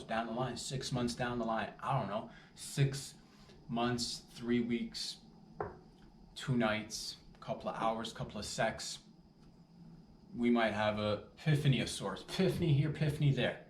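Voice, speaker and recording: A man hosting a podcast, delivering a rambling, profane comedic monologue with animated asides. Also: medium pitch. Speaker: podcast host. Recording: roomy, distant mic with faint background noise.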